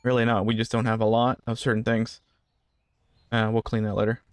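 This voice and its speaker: A man's voice: lowish voice, flat delivery, a little fast, darkish tone, slight background noise. A man giving casual gameplay commentary, rambling through asides and joking with the customers in the game. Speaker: gaming channel host.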